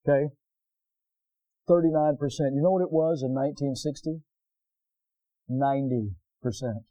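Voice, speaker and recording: A male pastor preaching a folksy sermon, rising to loud exclamations and then dropping low and slow. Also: fairly even intonation, no echo, muffled recording. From United States.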